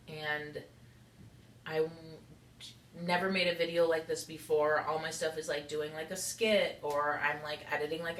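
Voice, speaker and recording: In a fairly low, slightly bright voice, a young woman speaks candidly and ramblingly in a raw confessional vlog, leaning heavily on "like." The room is echoey and there's slight background noise.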